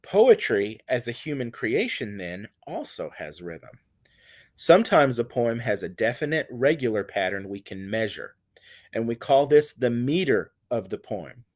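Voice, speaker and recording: A man's voice: mid-range voice, sing-song, measured pace, darkish tone. A man teaching a lesson on poetry, explaining stress and rhythm patiently and repeating examples with exaggerated emphasis. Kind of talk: recorded lecture on poetry.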